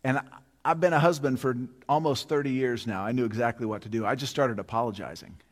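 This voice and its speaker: Storytelling pastor in a reverberant hall. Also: male voice, medium pitch, quick pace. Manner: vivid storyteller, building to emphatic repeated appeals. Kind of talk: sermon with personal storytelling. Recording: long reverb of a large hall.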